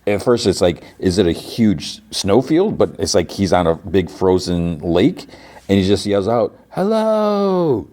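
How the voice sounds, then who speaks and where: A man's voice: sits low, animated, unhurried, darkish tone. A podcast host chatting casually, rambling with lots of "like" and restarts as he recaps.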